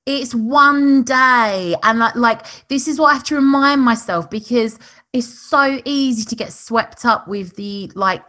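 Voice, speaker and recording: A woman's voice: fairly high pitch, sharp tone. Chatty woman co-hosting a casual podcast. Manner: chatty, laughing, many fillers. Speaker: podcast co-host. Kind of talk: casual chat.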